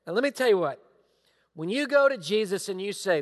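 A middle-aged male pastor giving a sermon, emphatic and repetitive, sometimes dropping into hushed asides. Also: high-pitched, animated, normal speed. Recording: long hall reverb.

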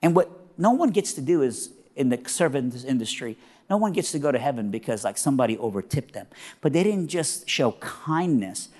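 A man preaching as a guest speaker, telling a story in an animated, humorous way. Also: medium pitch, brisk. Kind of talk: sermon storytelling. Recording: long reverb of a big hall.

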